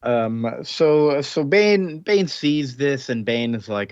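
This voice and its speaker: A man hosting a casual comic book podcast, recapping plots in a relaxed way and tossing in offhand quoted lines. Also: medium pitch, slow pace, few pauses, no room sound, dull audio. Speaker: podcast host.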